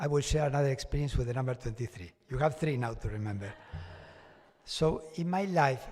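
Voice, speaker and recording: Man telling a story in a hall. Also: medium pitch. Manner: animated storytelling with chuckles and acted-out quotes. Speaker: devotee giving a testimony. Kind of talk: personal storytelling talk to an audience. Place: large devotional hall. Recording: long reverb of a hall.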